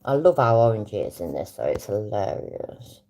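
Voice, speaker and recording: Older British woman, very low voice, lively up-and-down delivery, blunt and sweary. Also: normal speed, slight background noise. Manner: blunt, heavy swearing, chatty. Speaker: host reacting to videos. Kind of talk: casual live-stream chat.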